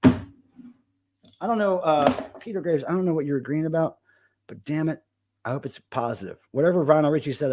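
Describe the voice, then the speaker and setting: A middle-aged man hosts a casual live stream, reading the chat aloud and talking loosely with plenty of swearing. His voice is on the high side and a little mellow.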